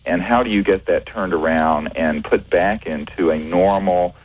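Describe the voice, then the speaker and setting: A man being interviewed on radio as a researcher, speaking in a measured, hesitant way with many fillers and restarts. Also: deep voice, poor audio. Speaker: guest, researcher.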